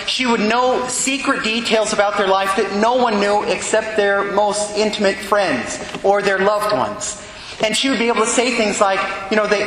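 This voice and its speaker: A man preaching a storytelling homily as a priest, speeding up when excited. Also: sits high, slight background noise. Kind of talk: sermon. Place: large church. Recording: echoey church from a distance.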